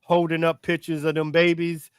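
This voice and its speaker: A man speaking as a panel guest in a casual chat, animated and emotional with loose colloquial talk and frequent laughs. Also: on the high side, moderate pace, smooth, dry recording, studio quality.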